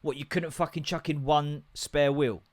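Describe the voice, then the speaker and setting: A man's voice: on the high side, steady tone, moderate pace. A young English man hosting a podcast, ranting in a casual, sweary way that jumps from topic to topic. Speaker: podcast host.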